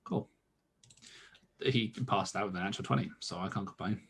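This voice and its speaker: A man's voice: low-pitched, moderate pace, breathy edge. A young man with dry, teasing humor, narrating as dungeon master of a tabletop game.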